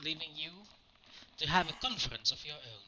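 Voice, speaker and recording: A man acting as game master, narrating a tabletop science-fiction game with jokes and quick self-corrections. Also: a little high, a crowd in the background. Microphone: home mic on an online call.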